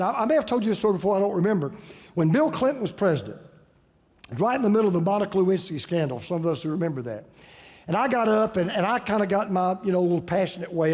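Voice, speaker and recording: A man delivers a sermon from the pulpit, speaking high in his register. He tells stories in an easy, conversational way and hammers his points by repeating phrases. His voice carries through a sanctuary with a long, lingering reverb. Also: darkish tone. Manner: conversational storytelling, repeats key phrases for emphasis. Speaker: pastor.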